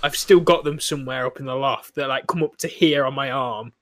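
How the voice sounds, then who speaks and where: A man's voice: medium pitch, brisk, dry recording. Brash young man, dry close mic. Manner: brash, joking, teasing. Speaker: podcast co-host. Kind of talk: casual chat.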